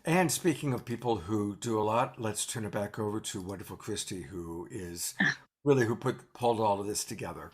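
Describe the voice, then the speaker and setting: Man with a low, husky voice. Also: moderate pace. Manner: warm, praising, with fillers. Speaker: convener of an online vigil. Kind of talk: casual chat.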